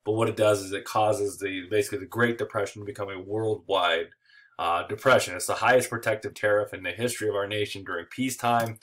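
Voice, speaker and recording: A man's voice: lowish voice, steady tone, fast talker, fairly bright tone. A man giving an informal history lecture, casual and joking, with filler words and small chuckles. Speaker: history teacher.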